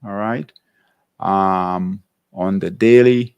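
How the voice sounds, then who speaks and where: A man's voice: low voice, fairly even intonation, very slow, a little mellow, clear, resonant tone, highs cut off. A man hosting a live trading workshop, thinking aloud over charts and checking in with "all right?" between phrases. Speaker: trading show host.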